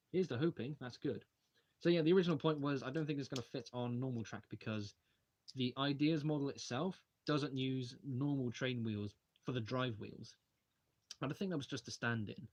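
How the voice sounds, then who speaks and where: A man's voice: mid-range voice, darkish tone, slightly rough. A young man hosting a casual livestream, rambling as he takes brick models apart and reads out viewer questions. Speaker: channel host live streaming a brick-model build. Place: home hobby room, taking models apart at a desk.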